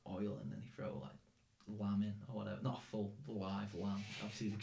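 Podcast host, young Northern English man, lowish voice, loose rambling chat in a roomy space. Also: level tone, normal speed, gravelly, mellow. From England. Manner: rambling, swears, laughs often. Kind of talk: casual chat.

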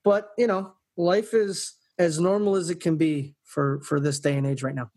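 In a slightly high, a little mellow voice with fairly even intonation, a podcast co-host talks casually at a moderate pace. His stories ramble, and he restarts frequently.

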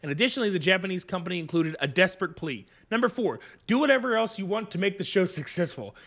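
A man's voice: high-pitched, lively intonation, fast, fairly bright tone. A man co-hosting a comedy podcast, giggling often as he recounts things. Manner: giggly, reads out stories. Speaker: podcast co-host. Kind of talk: casual comedic chat.

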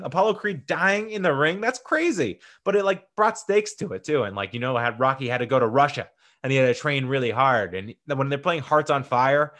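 A young man giving casual, excitable commentary as a host, swinging between loud bursts and soft asides. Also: medium pitch. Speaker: host ranking sports movies.

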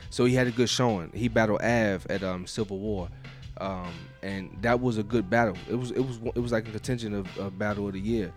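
Animated, swearing man in casual chat. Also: lowish voice, a little fast, faint music behind. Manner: animated, emphatic, swears freely. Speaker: podcast co-host recapping battle rap events.

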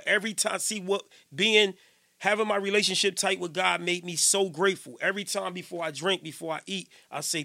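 A middle-aged man hosting a radio show, talking in a casual, preachy monologue that swings between loud emphasis and quiet, repeating himself as he goes. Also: high-pitched, a little fast, gravelly, no room sound, clean studio sound. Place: radio station studio.

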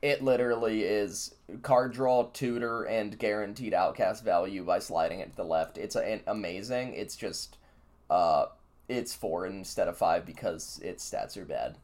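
A man's voice: on the low side, moderate pace. A man co-hosting a podcast, rating cards in casual, rambling chat with lots of fillers. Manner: rambling, filler-heavy, excited. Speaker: podcast co-host. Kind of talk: casual card-review chat.

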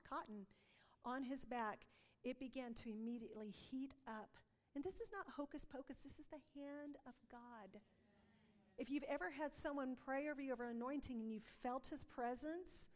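A woman's voice: on the high side, big-room sound. A woman giving an earnest testimony sermon, telling stories and acting out dialogue. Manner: earnest storytelling, acts out dialogue. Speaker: preacher.

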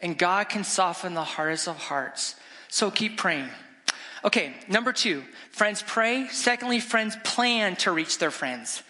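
A middle-aged man, a guest evangelist, preaching an animated, exclamatory storytelling sermon in a church sanctuary. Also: high voice, measured pace. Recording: long church reverb.

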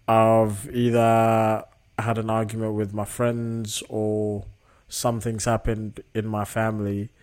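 A man's voice: medium pitch, a little mellow. A young man hosting a casual solo podcast, talking reflectively and often checking in with the listener through tag questions. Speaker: podcast host.

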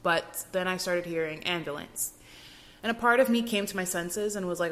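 A woman's voice: lowish voice, brisk, fairly bright tone. A young woman hosting a podcast, telling her personal faith testimony in an earnest, emotional way with frequent restarts. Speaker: podcast host.

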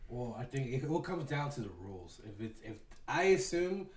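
A man's voice: medium pitch, very animated, moderate pace, reverberant. A man talking bluntly and with slang in casual podcast chat, a bit distant from the mic. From California.

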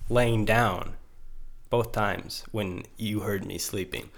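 A man's voice: fairly low pitch, fairly even intonation, slow. A man guest in a casual comedy chat, making goofy, absurd jokes. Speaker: podcast guest.

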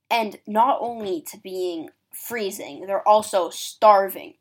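A woman's voice: medium pitch, steady tone, slow, hardly any pauses. A woman talks through a history lesson in a casual, chatty way. She drops in "like" and acts out little quoted voices as she explains. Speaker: history presenter.

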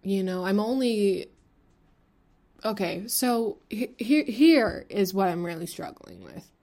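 Slow-talking young woman, candid and rambling. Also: mid-range voice, very animated, creaky, a little mellow. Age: 20s. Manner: frank, rambling, heavy on fillers and swearing. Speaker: podcast host. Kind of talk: candid solo podcast talk.

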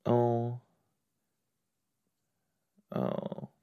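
A man's voice: mid-range voice, big pitch swings, extremely slow, dark tone, clear, resonant tone, muffled recording. A man chatting casually on a couch as he reacts to a TV episode, rambling, easily sidetracked and often breaking into exclamations. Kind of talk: casual watch-along chat. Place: indoors on a couch.

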